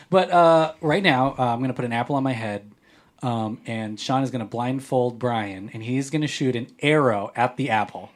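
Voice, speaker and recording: A man hosting a podcast, chatting casually and reading listener mail in a playful, joking way. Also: medium pitch. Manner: playful, jokey, rambling. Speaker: podcast host.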